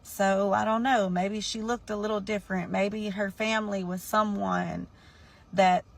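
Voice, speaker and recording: A woman's voice: medium pitch, steady tone, creaky. A woman telling a personal story in a casual storytime, talking to her listeners directly. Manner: slow, deliberate, addresses listeners as y'all.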